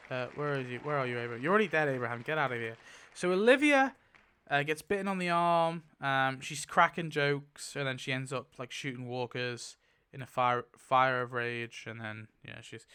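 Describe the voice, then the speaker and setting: Excitable man with a smooth voice. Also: medium pitch. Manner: excitable, laughing, mumbles lists to himself. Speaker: YouTuber. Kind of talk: casual commentary while spinning a wheel.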